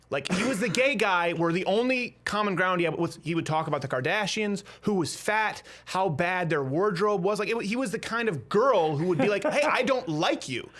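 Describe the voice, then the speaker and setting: A male host riffing in casual comedic chat, sarcastic and mocking. His voice sits high and swings widely in pitch. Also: a bit bright. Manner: sarcastic, mocking, quick jokey asides. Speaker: comedy talk show host.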